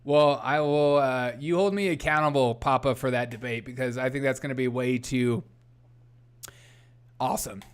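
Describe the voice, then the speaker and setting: A man's voice: medium pitch, steady tone, moderate pace, clean tone. A young man hosting a casual political livestream, reading headlines aloud, greeting chat viewers and often laughing.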